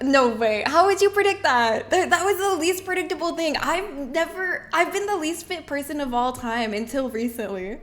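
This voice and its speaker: A woman streamer chatting casually with her live chat, bubbly and quick to laugh. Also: sits high, animated.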